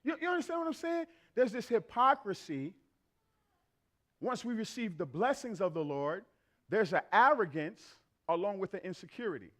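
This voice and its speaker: A man's voice: sits high, very animated, moderate pace, a bit bright. A man in his thirties preaching a sermon, blunt and playful, talking straight to the congregation.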